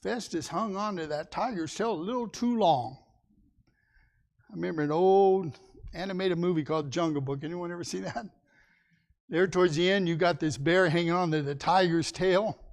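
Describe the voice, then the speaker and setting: Gravelly man teaching a Bible class. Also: high voice, normal speed. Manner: folksy, asks the class questions.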